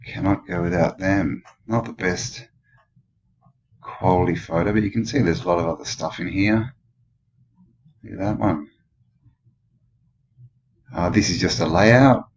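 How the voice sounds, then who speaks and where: Deep-voiced Australian man musing aloud. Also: unhurried, long pauses, muffled recording. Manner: rambling, musing, full of questions. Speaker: channel host. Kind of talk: casual commentary over old photos.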